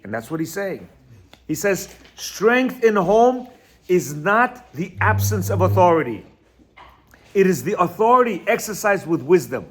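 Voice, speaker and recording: A man's voice: high voice, breathy edge. A man teaching on marriage and self-control, reading passages aloud and explaining them with frequent asides. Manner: reads quotes aloud, then explains with asides and constant "you hear?", "right?"; sometimes stumbles over Hebrew words. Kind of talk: informal religious teaching talk.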